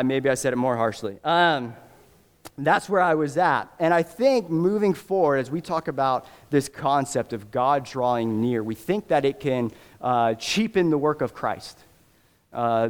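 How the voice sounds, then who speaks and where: A man's voice: mid-range voice, long reverb tail. A male pastor delivering a sermon, earnest and rising to emphatic, fervent preaching.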